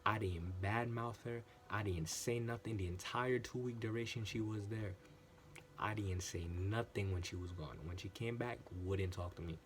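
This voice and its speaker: A man telling a workplace story in a casual, animated monologue, often repeating himself for emphasis and swearing. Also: fairly low pitch, moderate pace, slight background noise. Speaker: channel host.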